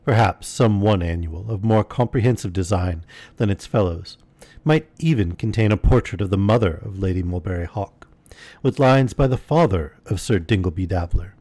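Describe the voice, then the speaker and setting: A man's voice: deep voice, darkish tone, dry recording. Man reading a bedtime story aloud. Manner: measured, unhurried reading with casual asides. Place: home streaming setup.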